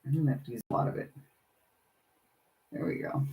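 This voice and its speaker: A middle-aged woman with a rumbling low, creaky voice talks a little fast while hosting a casual crafting livestream. She works on her journals and chats with viewers by name, and the audio sounds dull.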